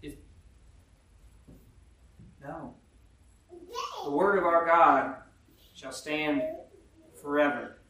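A man preaching a sermon, reading scripture verses slowly and with emphasis, then explaining them in plain words and putting questions to his listeners. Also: fairly high pitch, fairly even intonation, sharp tone, far from the mic. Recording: very echoey room, voice from afar.

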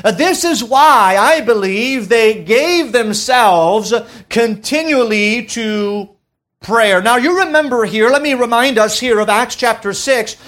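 Pastor preaching with slow emphatic drops. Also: male voice, fairly bright tone. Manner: preaches with slow emphatic phrasing, dropping low on key words; reads scripture in King James wording. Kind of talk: sermon.

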